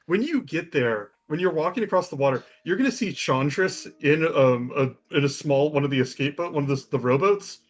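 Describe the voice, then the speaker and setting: Relaxed man running a tabletop game. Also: a little high, a little fast, hardly any pauses. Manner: relaxed, laughing, many fillers. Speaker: game master.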